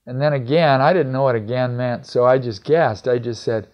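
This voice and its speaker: Middle-aged male teacher, conversational, mid pitch, slightly muffled recording. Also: moderate pace, hardly any pauses. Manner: conversational, acts out quoted dialogue. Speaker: communication skills teacher. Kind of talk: instructional talk.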